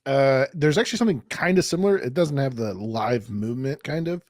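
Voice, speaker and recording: A man co-hosting a gaming podcast, telling stories in a lively way, swearing and laughing as he goes. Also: mid-range voice, a little fast, no room sound, clean studio sound. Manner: animated storyteller, swears and laughs often. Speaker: podcast co-host. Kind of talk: casual podcast chat.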